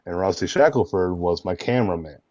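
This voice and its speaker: Deep-voiced man telling lively stories. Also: a little fast, no echo, dull audio. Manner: animated, laughing anecdotes with frequent fillers. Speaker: guest, roleplay streamer. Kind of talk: casual storytelling interview.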